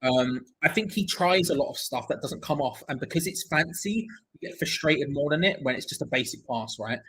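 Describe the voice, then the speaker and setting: A man's voice: fairly high pitch, expressive, fairly quick, fairly bright tone, slightly rough, poor audio. A young man hosting a live football watch-along, chatting, joking and reading out viewer comments. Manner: chatty, jokey, reads viewer comments aloud.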